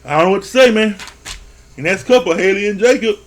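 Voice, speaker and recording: A man with a somewhat high-pitched voice gives a loose, unscripted review of a reality TV episode. He swears freely and laughs often. He slips into quick impressions of the people on the show. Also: lively intonation. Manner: profane, laughs often, acts out quotes. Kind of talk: casual commentary.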